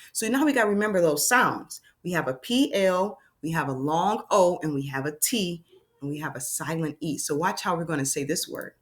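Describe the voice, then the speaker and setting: A woman's voice: fairly low pitch, fairly bright tone. A woman teaching a phonics lesson to young children, sounding out letters and making playful exclamations.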